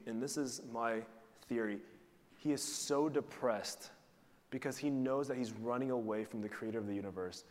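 A man preaching a sermon to his congregation in a church sanctuary. His voice sits at an ordinary middle pitch, and he keeps asking the listeners questions in an easy, conversational way. Long reverb from the large hall trails after his words. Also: normal speed. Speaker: pastor.

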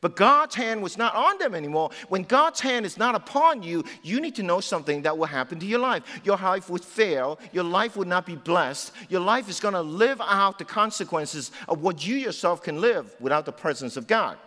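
A man's voice: high voice, expressive, moderate pace, few pauses, bright, forceful tone. A man preaching a sermon in a conversational, emphatic way, often saying "you know" as he explains scripture. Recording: long hall reverb.

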